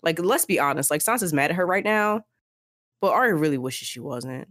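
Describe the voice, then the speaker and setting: A low-voiced woman co-hosting a book podcast. She talks in a casual, emphatic way and repeats her points when she gets going. The mic sound is close and dry. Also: fairly quick, dry recording. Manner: animated, emphatic, repeats herself. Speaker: podcast co-host.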